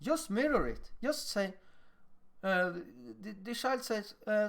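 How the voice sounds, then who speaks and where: A man with a Swedish accent giving a lecture on teaching, animated and acting out little dialogues with children. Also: sits high, slow pace.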